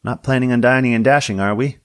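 A guy doing a sassy diner waitress, teasing, matter-of-fact, pitched up a bit. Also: steady tone, quick pace, a bit bright, natural voice.

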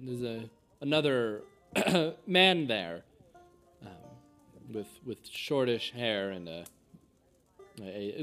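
Bright, lively game-master man. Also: mid-range voice. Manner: halting, with many fillers and restarts. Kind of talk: narrating a tabletop game.

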